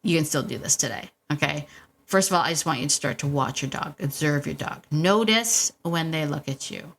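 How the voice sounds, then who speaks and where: A woman's voice: sits low, normal speed, vocal fry, breathy edge. A middle-aged woman hosting a dog-training podcast, coaching listeners in a casual, encouraging way with frequent laughs and repetition. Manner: warm, encouraging, laughs often, repeats herself.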